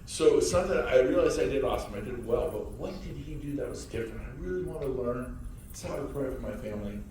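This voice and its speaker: Energetic man speaking in an echoey hall. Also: mid-range voice, quick pace, slight background noise. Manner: energetic, acts out other people in loud mocking voices. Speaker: real estate speaker. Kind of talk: motivational talk to an audience. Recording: echoey room heard from a distance.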